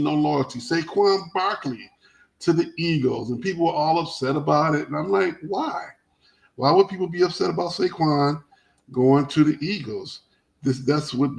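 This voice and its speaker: A man hosting a casual sports talk show, telling stories in a rambling, animated way with many restarts. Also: on the high side, vocal fry, poor audio.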